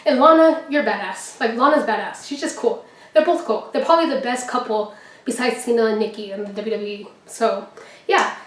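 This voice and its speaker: A young woman vlogger telling a story in a casual, excited way, acting out what people said. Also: a little high, distant mic. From Texas. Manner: excited, chatty, acts out quotes. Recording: echoey room, mic set back.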